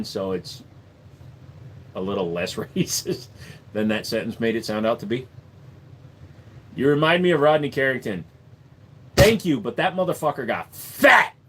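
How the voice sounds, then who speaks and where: A man's voice: medium pitch, a bit bright, a little hiss or hum. Crude joking male streamer. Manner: crude, joking, profane, jumps into silly voices. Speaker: streamer answering chat questions. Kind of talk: casual live-stream chat. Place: home room.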